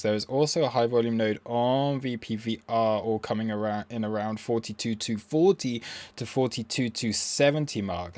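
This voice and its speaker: A man's voice: on the low side, darkish tone, dry recording. Chatty man hosting a stream. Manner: chatty and self-mocking, with frequent fillers. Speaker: crypto trading live stream host. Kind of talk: casual live-stream commentary.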